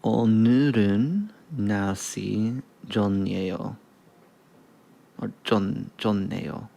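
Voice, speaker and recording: A man's voice: lowish voice, a little fast, gravelly, dark tone, muffled recording. A man streaming a study session, thinking aloud, correcting himself and swearing casually as he goes.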